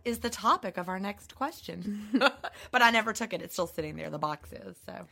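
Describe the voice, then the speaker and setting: A woman with a subtle Southern accent co-hosting a podcast, a bit hoarse, chatting and reading listener mail aloud. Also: medium pitch, lively intonation, fairly quick, sharp tone. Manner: chatty, laughs often, reads letters aloud. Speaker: podcast co-host.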